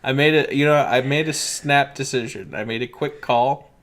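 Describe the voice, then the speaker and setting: A man's voice: medium pitch, fairly even intonation, normal speed, fairly bright tone. A young man co-hosting a podcast in casual chat, rambling and laughing often as he corrects himself. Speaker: podcast co-host.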